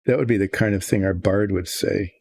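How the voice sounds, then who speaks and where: Gravelly older man musing while painting. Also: deep voice, fairly even intonation, fairly quick, a little mellow, dry recording. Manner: meandering, thinks aloud, self-deprecating. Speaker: miniature painting host. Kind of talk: casual rambling chat while painting.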